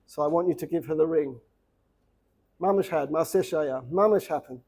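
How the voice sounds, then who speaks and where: A middle-aged man, a rabbi, giving an informal lecture to students, lively and repetitive, dropping Hebrew words into his English. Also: a little high, moderate pace, creaky. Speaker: rabbi teaching a seminary class. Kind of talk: informal Torah lecture with storytelling.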